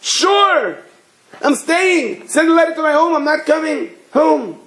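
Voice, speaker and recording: A man voicing an eager, excitable traveler in a folk tale, gushing and exclaiming. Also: very high voice, quick pace, pitched above the performer's own voice. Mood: overjoyed. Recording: echoey room.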